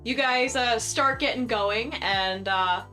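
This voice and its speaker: A woman narrating as game master, animated and laughing through quick asides. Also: a little high, soft background music.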